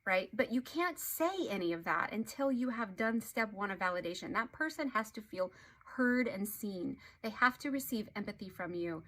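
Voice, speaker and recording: A woman relationship therapist giving an earnest, explanatory talk to camera, with animated emphasis. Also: mid-range voice, moderate pace.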